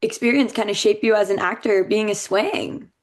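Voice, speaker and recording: A woman in a mid-pitched voice hosts a casual interview and asks questions with eager interest. She backs up her guest often and hedges her phrasing with "kind of" and "like.". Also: moderate pace. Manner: enthusiastic, supportive, hedging with "kind of" and "like". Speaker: podcast host, interviewer.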